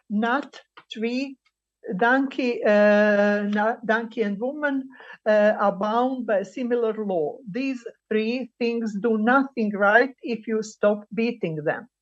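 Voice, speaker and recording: A woman presenting a paper at an online colloquium, pausing often with fillers as she reads out quoted examples. The sound comes through a video call. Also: a little high, highs cut off. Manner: halting, many filler pauses while reading quotes. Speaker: conference speaker. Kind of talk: academic presentation.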